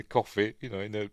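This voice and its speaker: This is a fairly low-pitched man with a Yorkshire accent, a film review host giving offhand commentary while he watches a movie. He rambles, ums, and restarts, acting out the characters' dialogue in quotes. The audio is studio quality with no echo.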